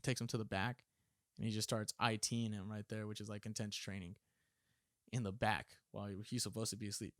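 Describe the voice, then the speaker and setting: A man's voice: on the low side, fast talker, dry recording, studio quality. A man in his twenties, a former Marine guest, telling profane stories in casual chat, laughing and acting out drill instructors' lines.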